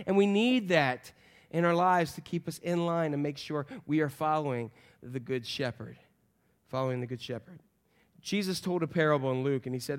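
A middle-aged man preaching a sermon as pastor, animated, swinging from loud calls to hushed, soft passages. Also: fairly high pitch, normal speed, smooth.

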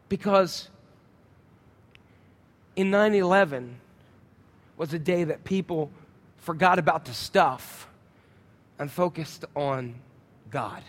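A man preaching a sermon, telling a story and acting out the sounds and his own inner thoughts, often asking the congregation questions. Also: fairly high pitch. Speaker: pastor. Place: church sanctuary. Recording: church hall reverb.

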